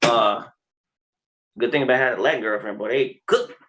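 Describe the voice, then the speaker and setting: A man's voice: mid-range voice, a little fast, background noise. A man from Texas, a guest on a podcast, telling stories casually and animatedly, acting out other people's lines and swearing freely. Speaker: guest, creator of the wobble dance and wrestler.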